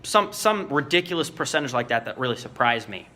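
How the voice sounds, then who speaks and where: A man's voice: mid-range voice, big pitch swings, a little fast, bright, forceful tone. A man talking casually to his viewers in a vlog and coaching them on sales in a loose, chatty way, full of fillers. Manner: coaching, talks straight to viewers. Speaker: vlogger giving sales advice.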